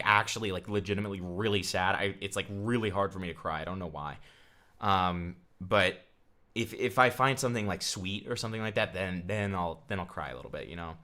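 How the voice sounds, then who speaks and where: A man with a low-pitched but bright, forceful voice, talking crudely and mockingly on a livestream. His commentary is loose and casual, full of sarcasm and swearing. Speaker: streamer reacting to a clip.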